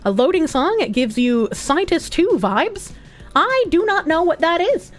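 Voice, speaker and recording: A young woman livestreaming casually, giggly and loud, swearing freely as she reads chat aloud. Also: extremely high pitch, very animated, unhurried. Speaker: streamer.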